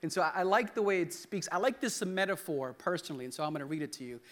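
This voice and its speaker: A man's voice: a little high, lively intonation, quick pace. A young man preaching a sermon in church, loose and joking, with restarts, calling on the congregation to repeat words. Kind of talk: sermon with congregation call-and-response. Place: church hall.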